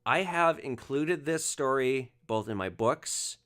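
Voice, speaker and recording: A man hosting a podcast, telling a rideshare story in an animated monologue and acting out the passengers' lines. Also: mid-range voice, slow pace, smooth. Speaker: podcast host, former rideshare driver.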